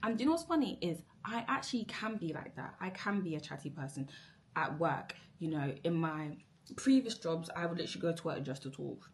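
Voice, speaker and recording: Young woman ranting, low-pitched. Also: sing-song, fairly quick. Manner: rambling, exasperated, repeats herself. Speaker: vlogger. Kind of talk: emotional work rant to camera.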